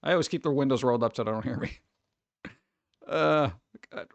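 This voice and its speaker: A man's voice: medium pitch, fairly quick, vocal fry, dry recording, muffled recording. A man chatting casually with his stream viewers, rambling and laid-back, calling everyone "dude.". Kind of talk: casual livestream chat.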